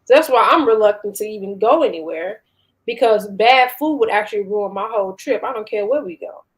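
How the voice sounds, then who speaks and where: A woman from Chicago with a Chicago accent, giving her opinions in a relaxed, frank way during a casual panel chat. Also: medium pitch, fairly quick. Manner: laid-back, opinionated.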